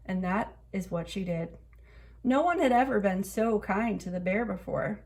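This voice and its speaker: A woman reading a children's picture book aloud in an expressive storytelling way. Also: mid-range voice, moderate pace. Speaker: storybook reader.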